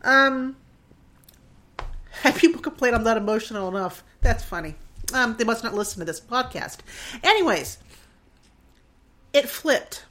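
A woman's voice: on the high side, expressive, measured pace, long pauses, fairly bright tone. Earnest woman in her forties, rambling. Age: 40s. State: emotional. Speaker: podcast host. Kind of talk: casual reflective monologue.

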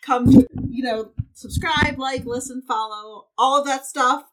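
A woman's voice: high voice, a little slow, pushed and bright, distant mic. A woman podcast guest speaking in an encouraging, coaching tone in casual chat.

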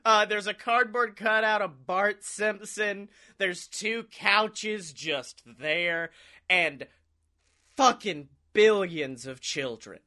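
High, bright-voiced man telling stories. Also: takes it slowly. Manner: rambling, profane, laughs often, acts out quotes. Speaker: podcast co-host. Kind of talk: casual storytelling chat.

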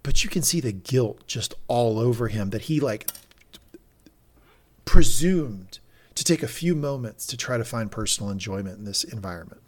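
A man's voice: medium pitch, animated, normal speed, a little mellow. A man co-hosting a casual recap podcast, acting out character lines with big jumps in his voice. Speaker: podcast co-host recapping a TV episode. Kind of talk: casual chat.

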